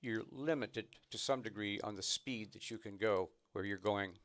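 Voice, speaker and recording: A drum instructor patiently explains snare drum technique, counting rhythms aloud between demonstrations. His voice is lowish and moderately paced, and the recording is very noisy.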